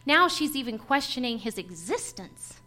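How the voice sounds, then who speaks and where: A high-voiced woman shares her personal testimony as a sermon before a church congregation, very animated and at a normal speed. Her tone is pushed and bright, her delivery earnest and heartfelt, and small laughs surface as she tells her story.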